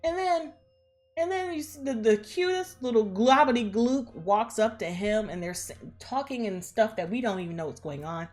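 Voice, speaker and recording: A woman casually retelling a movie plot in a slangy, profane, animated way, acting out the characters as she goes. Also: a little high, moderate pace, faint music behind. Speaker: movie recap vlogger.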